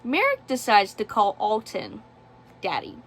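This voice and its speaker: A woman's voice: mid-range voice, wildly swooping pitch, measured pace, vocal fry, fairly bright tone, faint music behind. A woman giving a casual book review, sarcastic and exasperated.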